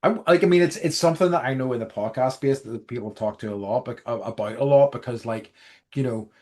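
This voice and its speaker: A young man from Northern Ireland co-hosts a film podcast in easygoing chat. He rambles, circling back with plenty of ums and self-corrections. His pitch sits right in the middle for a man. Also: fast, a little mellow. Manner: rambling, many fillers and restarts. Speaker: podcast co-host. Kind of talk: casual chat.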